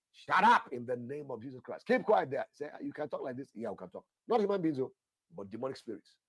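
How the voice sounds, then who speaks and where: Husky-voiced fervent male preacher. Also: medium pitch, dry recording. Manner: fervent, repetitive, addresses listeners as sir. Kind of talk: sermon. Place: church altar session.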